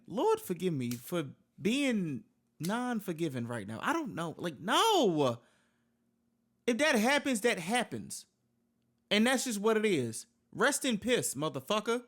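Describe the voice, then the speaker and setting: Incredulous profane reaction host. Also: male voice, high voice, sing-song, a little slow, a bit bright. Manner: exasperated, profane, incredulous outbursts. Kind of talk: casual reaction commentary.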